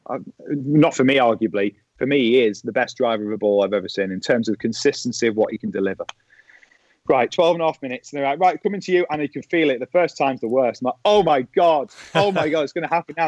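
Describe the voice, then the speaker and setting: A man's voice: medium pitch, dry recording. A middle-aged man, a former professional golfer, telling anecdotes in a casual chat and acting out the voices of the people he quotes. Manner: animated storyteller who acts out quoted voices. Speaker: podcast guest, former pro golfer. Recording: dry, slightly dull lo-fi sound.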